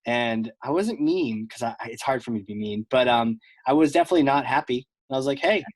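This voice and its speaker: A man hosting a podcast, chatting casually and telling lively stories with plenty of fillers. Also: mid-range voice, quick pace, no room sound. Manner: animated storyteller, lots of fillers. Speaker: podcast host. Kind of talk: casual conversation.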